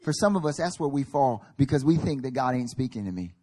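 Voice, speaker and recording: A man's voice: mid-range voice, lively intonation, fast, a little mellow. A male pastor preaching a sermon at a church service, emphatic and building in intensity, acting out little quoted voices.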